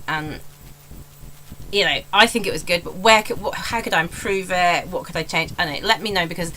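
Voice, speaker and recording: An English woman in her forties, a stand-up comedian, rambles candidly and pokes fun at herself in a casual vlog. Her voice is fairly low and sharp in tone, and the poor audio carries a little hiss or hum.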